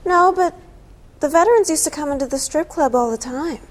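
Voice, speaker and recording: A woman's voice: high-pitched, animated, brisk. A woman playing a sassy horror show hostess with a folksy manner in a campy comedy sketch.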